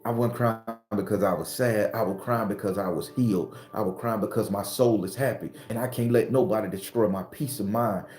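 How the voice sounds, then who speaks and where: A man's voice: on the low side, fairly even intonation, a little fast, few pauses, a little mellow, roomy sound. A man with a Southern accent giving an earthy, emphatic spiritual talk to his followers, repeating his points. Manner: earthy, preachy, repetitive and emphatic. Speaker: spiritual teacher.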